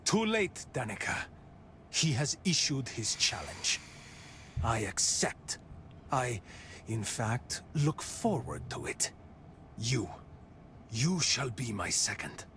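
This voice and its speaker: A man's voice: medium pitch, sing-song, slow, fairly bright tone, slight background noise. An actor playing a pompous, mocking drunkard who sneers at his brother. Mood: scornful. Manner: sneering, sarcastic.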